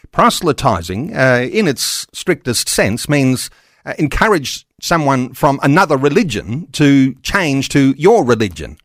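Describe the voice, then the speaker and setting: A man hosting a discussion, asking questions in a measured way about religious education. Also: medium pitch, no echo, studio quality. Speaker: host. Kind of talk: interview questions.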